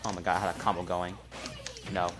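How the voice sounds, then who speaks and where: A man giving live gameplay commentary, trash-talking the opponent and muttering between loud outbursts. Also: deep voice, level tone, quick pace. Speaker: gamer. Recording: loud game music behind voice. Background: fighting game music and effects.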